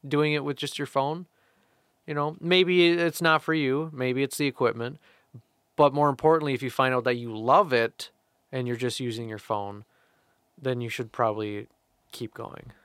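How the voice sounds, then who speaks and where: A man with a bright, forceful tone chats on a podcast, laid-back and teasing, dropping short jokes in between. The sound is dry and close on a studio mic. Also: medium pitch, fairly even intonation, normal speed, clean tone, no room sound. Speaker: composer and filmmaker. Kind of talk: casual podcast chat. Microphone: studio podcast microphone.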